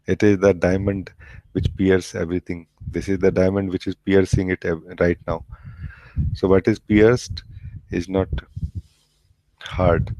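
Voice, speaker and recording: A man with a very deep, flat voice gives a gentle spiritual talk. He speaks slowly and haltingly, pausing often and filling gaps with soft fillers. The sound is dry and close, as on a video call. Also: dry recording, low-quality recording. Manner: slow, gentle, halting, with many pauses and fillers. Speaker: spiritual teacher. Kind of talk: satsang talk.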